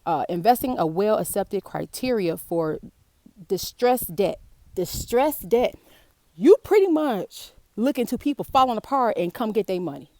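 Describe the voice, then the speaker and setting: Out in the heat, a woman with a Chicago accent from the South Side reads aloud and reacts, talking casually with slang and frequent cries of disbelief. She's a personal finance vlogger whose mid-range voice sounds warm and expressive at a measured pace, with no echo.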